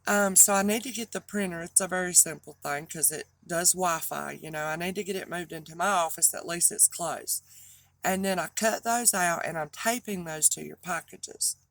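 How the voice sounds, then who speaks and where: A woman's voice: fairly low pitch, moderate pace, a bit bright, no room sound. A middle-aged woman with a thick Southern drawl, chatting casually and rambling in a vlog to her regular viewers. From North Carolina, US. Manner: rambling, chatty, trips over words. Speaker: online reseller and host.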